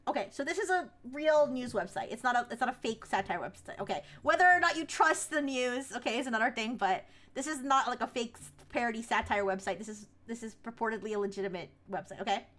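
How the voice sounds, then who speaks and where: A young adult woman streaming live, chatting casually about news, animated and laughing, rambling with frequent restarts. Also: fairly high pitch, fast, few pauses. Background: faint music.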